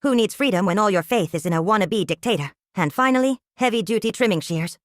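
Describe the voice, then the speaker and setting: A woman's voice: expressive, fast talker, no room sound, clean studio sound. Woman doing a sarcastic mock ad. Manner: sarcastic salesy pitch. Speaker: podcast host. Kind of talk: mock commercial voice-over.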